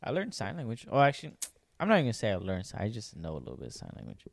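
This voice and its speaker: A man's voice: fairly low pitch, wildly swooping pitch, racing, creaky, no echo. A man co-hosting a podcast in casual, profane, joking banter. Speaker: podcast co-host. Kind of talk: casual chat.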